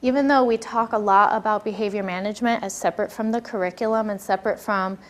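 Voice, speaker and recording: A woman's voice: mid-range voice, fairly even intonation, quick pace. A woman giving a workshop lecture on classroom behavior, talking conversationally and asking her audience questions.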